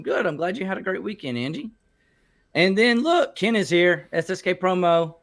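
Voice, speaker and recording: A man's voice: sits high, sing-song, moderate pace, fairly bright tone. A man hosting a casual online panel chat, chatty and reading viewer comments aloud over a video call. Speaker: show host.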